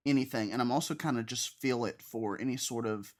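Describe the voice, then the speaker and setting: A man playing a tabletop game, describing his character's actions in an unhurried way. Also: medium pitch. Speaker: player.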